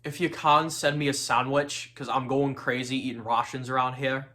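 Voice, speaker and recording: A man's voice: medium pitch, little pitch movement, moderate pace, bright, forceful tone, close to an everyday voice. A man voicing a nervous, rambling young Scottish engineer in a shaky attempt at a Scottish accent, stammering through a lovesick message. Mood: rambling, wistful. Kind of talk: acting-class impression.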